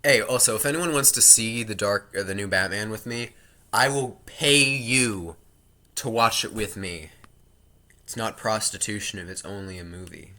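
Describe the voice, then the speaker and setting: Rambling jokey young man, very bright voice. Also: lowish voice, normal speed. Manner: rambling, self-interrupting, jokey asides. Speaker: vlogger. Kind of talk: rambling casual vlog chat.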